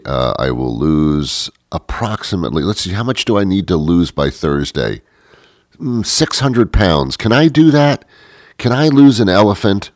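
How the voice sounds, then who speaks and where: A middle-aged man delivering a rambling, deadpan, self-mocking comic monologue. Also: a bass voice, gravelly, no echo, clean studio sound.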